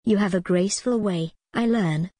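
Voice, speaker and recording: A woman's voice: medium pitch, moderate pace, mellow, slightly rough, no echo, lightly acted. A woman reading the lines of a strict, moralizing sea captain who scolds a sailor. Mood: chiding.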